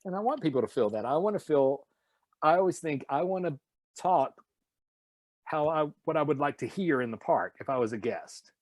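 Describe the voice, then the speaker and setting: This Nashville man, a voice actor guest, speaks at a moderate pace in a slightly high voice with a light Tennessee accent. He's animated in the casual interview, breaking into impressions while telling stories, all in a dry recording.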